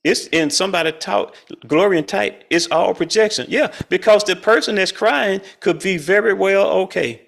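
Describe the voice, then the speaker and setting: Host: middle-aged man, gravelly and slightly high voice, folksy and chatty, chuckles a lot, on a video call. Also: normal speed, fairly bright tone. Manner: folksy, colloquial, chuckles often. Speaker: spiritual study group leader. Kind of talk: casual spiritual talk.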